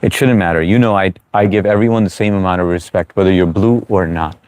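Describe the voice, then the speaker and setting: A man's voice: deep voice, quick pace, a little mellow, dry recording. An American-born man hosting a live chat Q&A, chatty and reassuring, with many fillers as he answers viewers. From United States. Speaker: livestream host. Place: New York.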